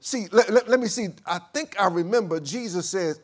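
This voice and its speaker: A male pastor delivering a sermon, reading scripture in a measured cadence and swinging from quiet, low passages to loud, high bursts. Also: expressive, breathy edge.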